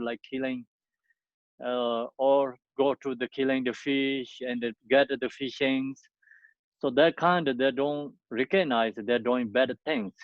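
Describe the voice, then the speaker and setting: Man, Buddhist teacher, very slow halting non-native English, lots of fillers, dry muffled recording. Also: mid-range voice, no echo. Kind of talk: dharma teaching.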